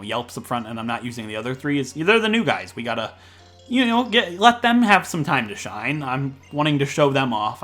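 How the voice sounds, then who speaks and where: A man from Ohio with a Midwestern American accent, rambling and joking fast through casual gameplay commentary. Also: mid-range voice, a bit bright. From Ohio, USA. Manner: fast-talking, rambling, jokey. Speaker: let's play commentator.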